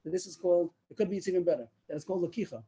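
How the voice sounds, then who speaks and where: A man teaching a daf yomi Talmud class over a video call, explaining fast and mixing English with Talmudic Hebrew and Aramaic terms. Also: sits high, mellow, breathy edge, low-quality recording. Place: online meeting room.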